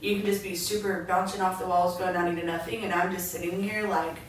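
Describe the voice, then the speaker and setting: A woman's voice: on the low side, fast talker. A young adult woman co-hosting a podcast, telling stories in casual chat and acting out her own past words. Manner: animated storyteller, quotes herself. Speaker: podcast co-host. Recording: echoey room, mic far off, faint noise.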